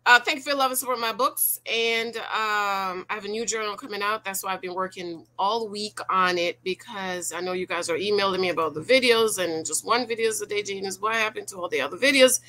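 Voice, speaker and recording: A woman in her forties giving casual reaction commentary to her viewers, animated and preachy, firing rhetorical questions at them. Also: mid-range voice, brisk, few pauses. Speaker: YouTube commentator.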